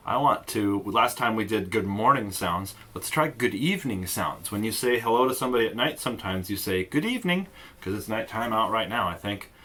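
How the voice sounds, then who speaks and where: A man's voice: fairly low pitch, pushed and bright. A man teaching an online music lesson for kids, playful and demonstrative, with a lot of singing and voice play. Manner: playful, sings and demonstrates voice sounds.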